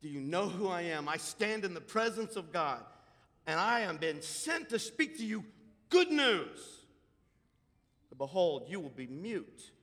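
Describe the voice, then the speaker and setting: A man's voice: a little high, fairly bright tone. A man voicing a commanding male archangel messenger who solemnly declares a judgment. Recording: long hall reverb.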